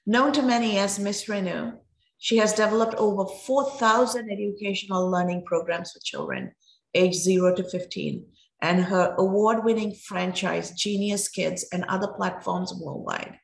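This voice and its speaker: A woman's voice: mid-range voice, vocal fry. Effusive woman podcast host, roomy sound. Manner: enthusiastic, effusive. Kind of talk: interview introduction.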